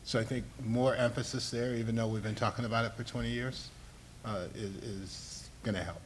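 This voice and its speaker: A man on a discussion panel gives a considered, earnest answer, pausing to rephrase as he goes. A faint rumble sits under his voice in the room. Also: steady tone. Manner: earnest, thinking aloud with restarts. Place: municipal building meeting room.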